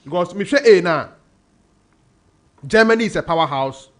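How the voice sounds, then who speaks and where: A Ghanaian man gives radio football analysis in a high voice. He mixes Twi and English, rattling off team names in quick bursts. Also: lively intonation. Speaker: sports panellist.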